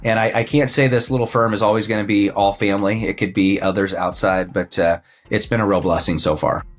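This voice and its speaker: A man in his fifties, a financial advisor and coach, talks about his work as a podcast guest in a relaxed, anecdotal way, with frequent fillers and restarts. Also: lowish voice, a little fast. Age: 50s. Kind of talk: casual conversational storytelling.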